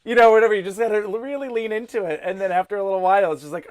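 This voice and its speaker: A relaxed co-host with a voice of middling pitch talks through a show review. The talk is reflective, broken up by easy laughs and acted-out quotes. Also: racing, few pauses. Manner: thoughtful, laughs easily, acts out quotes. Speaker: podcast co-host. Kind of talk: casual review chat.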